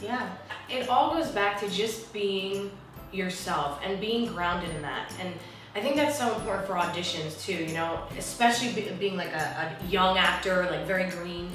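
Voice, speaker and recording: Woman, from New Jersey, lively storyteller, very roomy echo. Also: normal speed. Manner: lively, acts out quotes with big pitch swings. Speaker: actress, interview guest. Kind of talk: animated storytelling in a conversation. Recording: echoey room heard from a distance, faint music.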